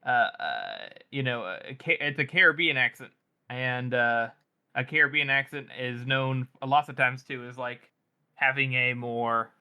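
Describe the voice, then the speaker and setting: Bright-voiced man rambling about a book. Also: medium pitch, unhurried, clean tone. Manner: rambling, hesitant, many fillers. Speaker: podcast co-host. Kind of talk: casual book discussion.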